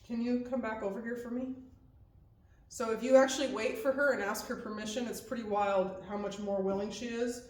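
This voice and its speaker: A woman's voice: a little high, steady tone, a little fast, a little mellow. A woman horse trainer giving hands-on instruction, explaining each step and checking in with "okay?" as she goes. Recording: echoey, distant mic with faint background noise.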